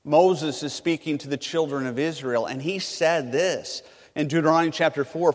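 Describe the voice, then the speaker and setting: A man from California delivers a sermon in a large campus hall. His voice sits a little high and carries a long reverb trail. He alternates loud, emphatic surges with soft, hushed phrases. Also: normal speed. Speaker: preacher.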